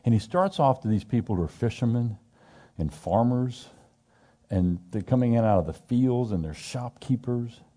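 A man's voice: medium pitch, normal speed. Man leading a casual Bible study. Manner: animated, emphatic, asks the group questions; frequent restarts and repetitions. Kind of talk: informal conversational scripture teaching.

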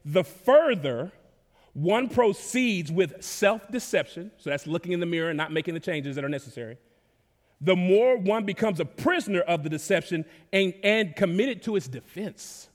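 A man from Dallas, preaching a sermon in a relaxed, conversational way, with casual slang and sudden rises in volume. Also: sits high, moderate pace. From Dallas, Texas. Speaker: pastor. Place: church sanctuary. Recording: long reverb of a large hall.

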